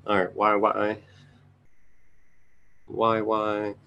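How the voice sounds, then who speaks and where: A man's voice: on the low side, monotone, drawn-out words, pushed and bright, clear, resonant tone, highs cut off. A man giving casual live market commentary, thinking aloud as he scans charts and making chatty asides to his viewers. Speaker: trading educator reviewing charts.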